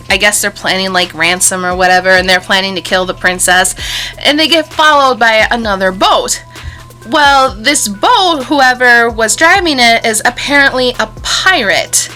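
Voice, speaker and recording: A young woman hosting a casual movie review, animated and sarcastic. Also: on the high side. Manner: animated, sarcastic, laughs often. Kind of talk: casual film review chat.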